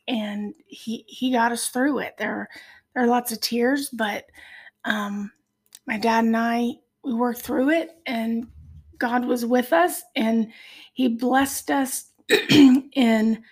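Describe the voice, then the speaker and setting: A woman from Ohio, a podcast guest, tells her faith story in an earnest, heartfelt way with many pauses. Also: fairly high pitch. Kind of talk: personal faith testimony.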